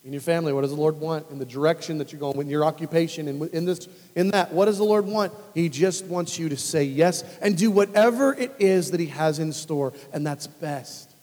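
A man preaching a storytelling sermon in an animated way, acting out conversations. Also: a little high, fairly quick, hardly any pauses. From United States. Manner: animated, acts out dialogue in lively voices. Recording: long reverb of a large hall.

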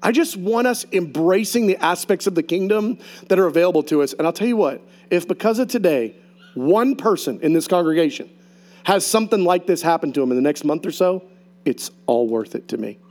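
A man preaching a sermon to his congregation as pastor, telling personal stories in an animated way. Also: high-pitched, fairly quick. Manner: animated storyteller acting out voices.

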